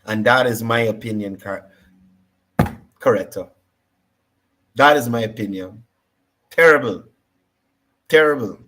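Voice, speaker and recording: A man's voice: medium pitch, fairly bright tone, breathy edge. A man with a Guyanese accent hosting a political talk show, combative and repeating his points for emphasis. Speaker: political commentary host.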